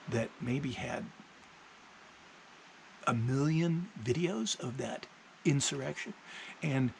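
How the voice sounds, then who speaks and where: This is a man with a gravelly voice of ordinary pitch, speaking casually into his own video. He tells things in a plainspoken, unhurried way, and faint noise sits behind him. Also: poor audio. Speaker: vlogger. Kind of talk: casual spoken monologue.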